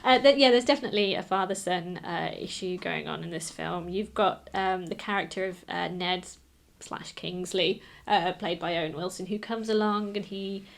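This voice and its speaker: A woman's voice: on the low side, normal speed, vocal fry, hardly any pauses. A woman co-hosting a podcast, talking casually and eagerly about a film with many fillers and restarts. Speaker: podcast co-host.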